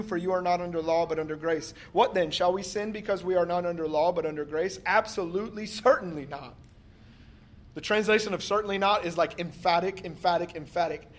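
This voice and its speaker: A man preaching a sermon, reading scripture slowly and commenting emphatically, often laughing. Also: high voice.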